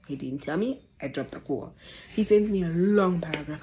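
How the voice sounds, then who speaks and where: A young woman telling a personal story to the camera, animated and exasperated, often calling out to her viewers. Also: sits low, moderate pace. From Namibia. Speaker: vlogger. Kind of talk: casual storytime.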